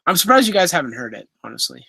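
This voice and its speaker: A Canadian man in his twenties runs a laid-back livestream Q&A, reading chat aloud and answering in a chatty, apologetic way while laughing easily. His voice sits high and sounds bright, forward, creaky and slightly rough. The recording is dry and close, with no echo or room around it.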